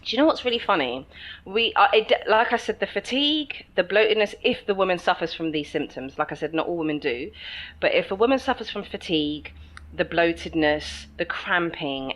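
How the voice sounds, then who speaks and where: A woman's voice: fairly low pitch, fairly bright tone, poor audio. A woman co-hosting a podcast, chatting casually and animatedly, often laughing and acting out quoted voices. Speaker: podcast co-host. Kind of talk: casual chat.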